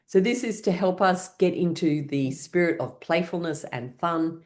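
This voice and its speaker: A woman instructor with a lowish voice leads a guided laughter exercise session at normal speed, hardly pausing at all. She's playful and cheerful, coaxing participants to play along and often bursting into exaggerated laughter.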